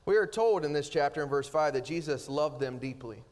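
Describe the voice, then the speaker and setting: A man preaching a sermon, swinging between loud, rising emphasis and hushed, slow passages. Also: fairly high pitch, animated. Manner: dynamic preaching, rising loud then dropping soft. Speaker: pastor.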